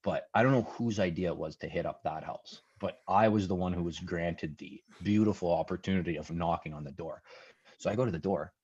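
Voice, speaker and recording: Guy in his 20s, low husky voice, swearing a lot telling old stories, kinda muffled lo-fi sound. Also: a little fast. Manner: profane, animated storyteller. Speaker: podcast guest. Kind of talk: casual storytelling chat.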